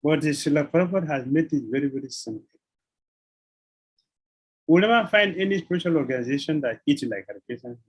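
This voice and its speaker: Swami guy, husky voice, lecturing, says things twice. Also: fairly high pitch, animated, a little fast, long pauses, poor audio. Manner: repeats phrases, chuckles, uses devotional terms. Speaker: swami giving a scripture lecture. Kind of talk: sermon.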